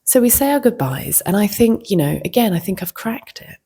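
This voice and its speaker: Husky woman telling a story. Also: mid-range voice, big pitch swings, a little fast. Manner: reflective, slips into soft whispers. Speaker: vlogger. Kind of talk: casual storytelling.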